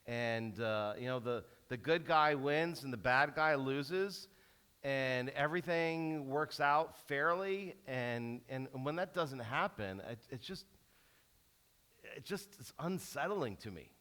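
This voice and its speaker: Male pastor, middle-aged, lively storytelling sermon, bright forceful tone, frequent restarts. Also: medium pitch, slow, clear, resonant tone. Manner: animated storytelling with many restarts.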